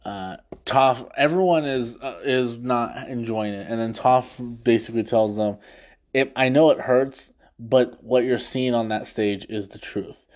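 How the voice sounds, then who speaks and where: A man on an after-show, recapping an episode in casual talk, laughing often and slipping into quick funny voices for the lines he quotes. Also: medium pitch, a little mellow. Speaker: podcast host recapping an episode.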